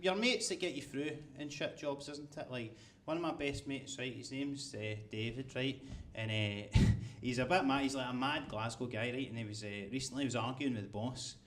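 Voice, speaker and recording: Man, stand-up comic, mid-pitched, chatty storyteller. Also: normal speed, few pauses, fairly bright tone, a little hiss or hum. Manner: conversational, storytelling with asides. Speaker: stand-up comedian. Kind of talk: stand-up comedy set. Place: comedy club stage.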